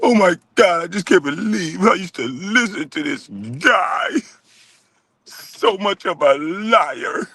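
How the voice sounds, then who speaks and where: Man doing a mocking weepy whiner, high-pitched and swooping; slow, sobbing delivery. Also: lively intonation, bright, forceful tone, no room sound, heavily acted. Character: whiny weeping male critic, sobbing over being wronged.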